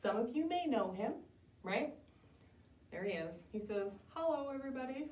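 A cheerful woman leads children through rhymes and a story, her pitch jumping all over. She sounds a little far from the mic, in a roomy, echoing space. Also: measured pace. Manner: cheerful, animated, talks to kids. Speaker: children's storytime host at a library. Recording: roomy echo, distant mic.

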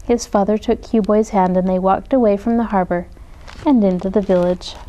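A woman reading a children's picture book aloud in a gentle, expressive way, putting on voices for the characters. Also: medium pitch, normal speed, noisy background. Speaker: storybook reader. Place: community media studio.

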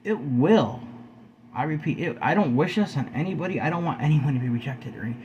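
A fairly high-voiced man in his forties speaks to his viewers from home. His pitch rises and falls a lot as he preaches earnestly and keeps calling them guys. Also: animated, a little fast, darkish tone, highs cut off, a little hiss or hum. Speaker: video host. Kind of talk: earnest spoken vlog talk.

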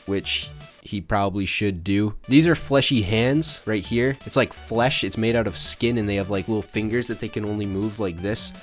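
A man's voice: fairly low pitch, normal speed, soft background music. Rambling sick man doodling on stream. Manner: rambling, jokey, talks to chat. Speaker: YouTube drawing creator. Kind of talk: casual drawing commentary.

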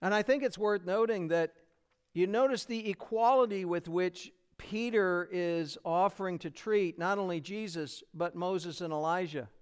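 An American man preaching from the pulpit, working through a passage verse by verse with earnest energy. His voice sits high and rings smooth and clear. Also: measured pace. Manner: earnest expository preaching, acting out quotes. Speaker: pastor. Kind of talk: sermon.

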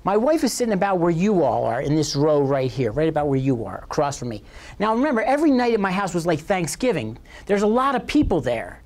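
Male professor, 50s, comic storyteller, bawdy and self-mocking, very expressive pitch. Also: a little fast. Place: lecture hall.

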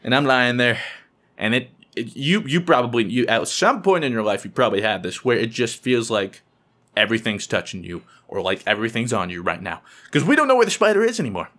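A young man telling a funny story to camera in an excitable, animated way, often squealing in high voices when he quotes people. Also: fairly quick.

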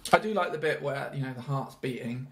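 A man's voice: mid-range voice, a little fast. A man guesting on a film podcast, sardonic and teasing in casual chat.

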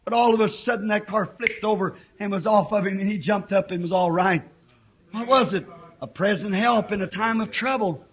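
Fiery preacher in his fifties, a man with a strikingly high voice, dull old tape recording. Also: moderate pace. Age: 50s. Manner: impassioned, swings to shouting. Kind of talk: fiery sermon.

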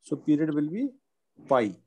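A man, teaching a maths lesson and dictating each step slowly. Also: a little high, big pitch swings, warm tone, breathy edge, rough recording.

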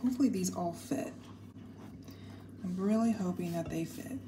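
A chatty young woman with a fairly low voice talks viewers through a baking recipe in her home kitchen, full of enthusiasm. Dishes, pots and the clatter of kitchen work sound clearly behind her. She drifts toward and away from the camera mic as she moves about. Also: moderate pace. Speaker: home cooking vlogger. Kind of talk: casual cooking tutorial. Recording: kitchen clatter and appliance noise.

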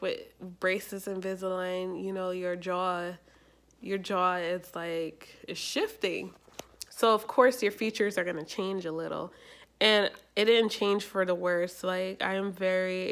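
Rambling, animated young woman vlogger. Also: mid-range voice. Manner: rambling, animated, lots of fillers. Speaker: YouTuber. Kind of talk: casual vlog chat.

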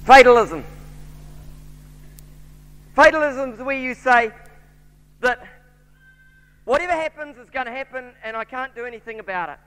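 A man's voice: extremely high pitch, lively intonation, normal speed, long pauses, a bit bright, smooth. A man with a New Zealand accent preaching a sermon, telling a story and voicing its characters. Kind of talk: sermon with anecdote. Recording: church hall reverb.

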